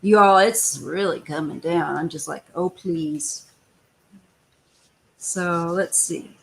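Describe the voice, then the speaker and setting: A woman's voice: lowish voice, a little slow, vocal fry, low-quality recording. A woman hosting a live tarot stream, chatting casually and giving emphatic advice. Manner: chatty, emphatic, complaining asides. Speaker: tarot reader host.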